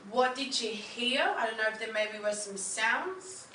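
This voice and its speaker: Upbeat female workshop coach, bright, higher voice, heard from a distance. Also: measured pace. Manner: upbeat, encouraging, asks the group questions. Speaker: wellness coach leading a workshop. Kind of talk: workshop lesson to a group. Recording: roomy, from a distance, faint background hum.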